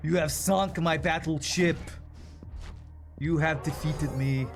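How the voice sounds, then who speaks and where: A man voicing a grim reaper in a heavy, deliberately bad mock accent, slow and menacing. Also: on the high side, fairly even intonation, vocal fry, faint music behind, voice pushed up. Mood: booming.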